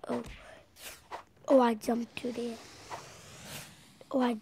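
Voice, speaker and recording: A woman hosting her gaming channel, her voice gravelly with fry and her pitch fairly high. She speaks slowly and in an even, flat tone. She often drops into whispers before bursting out loudly at the action. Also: a little hiss or hum. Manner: drops to a whisper often, with sudden loud excited outbursts. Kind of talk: gameplay commentary.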